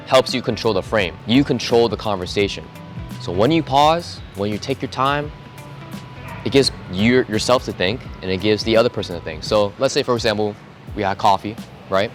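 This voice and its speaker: A young man talking straight to camera in a casual advice vlog, relaxed and conversational, acting out short example dialogues. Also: medium pitch, moderate pace, faint music behind. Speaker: vlogger giving self-improvement tips.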